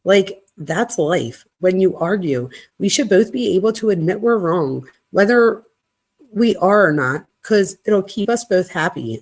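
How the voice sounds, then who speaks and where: A woman's voice: mid-range voice, expressive, measured pace, darkish tone. A woman hosting a true crime channel who reads text messages aloud and comments on them with wry, incredulous asides. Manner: wry, incredulous asides between quoted lines.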